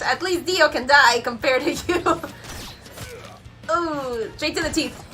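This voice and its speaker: A woman hosting a reaction video, cheering, swearing and shouting at the screen in excited casual commentary. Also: sits high, takes it slowly, long pauses, slight background noise.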